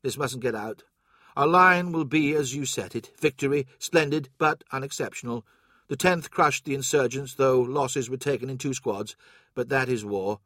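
A man's voice: medium pitch, normal speed, a bit bright, dry recording, studio quality, close to an everyday voice. A man voicing a grim, commanding male warrior captain who presses with urgent questions.

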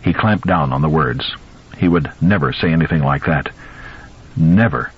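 A man narrating an audiobook in an expressive, measured reading. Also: rumbling low, breathy edge, muffled recording. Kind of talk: scripted narration.

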